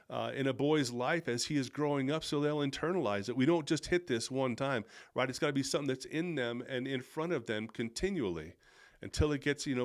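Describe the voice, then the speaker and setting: A middle-aged man hosting a faith-based monologue, earnest and at times heated, with self-deprecating asides. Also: mid-range voice. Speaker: podcast host.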